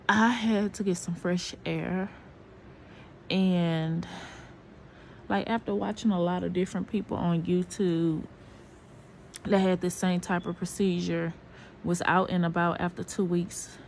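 A middle-aged woman vlogs candidly into her phone camera at home after surgery, sounding out of breath and tired. Her voice is fairly low, slow, creaky and a little mellow, with long pauses and a faint hiss or hum in the recording.

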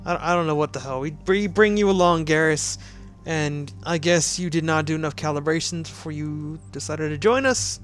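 A man's voice: on the high side, normal speed, soft background music. A man giving casual game commentary, sarcastically ranting at a glitchy game. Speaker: gaming commentator.

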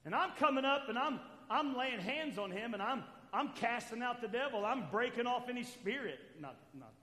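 A man preaching a sermon as pastor, swinging between loud calls to the church and quiet asides. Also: very high-pitched, lively intonation, moderate pace. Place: church sanctuary. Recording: echoey church hall.

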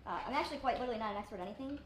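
A woman's voice: on the high side, rapid-fire, a little hiss or hum. A woman YouTuber chatting casually on her vlog, rambling and self-deprecating, full of fillers. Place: indoors in a rented place with friends. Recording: echoey room.

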